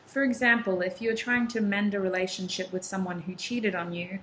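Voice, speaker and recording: A woman whose first language is not English, reading tarot cards aloud for her viewers in a chatty, encouraging way, often pausing on ums and restarting sentences. A faint hiss sits under her voice. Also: mid-range voice, steady tone, fairly bright tone, poor audio. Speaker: tarot reader.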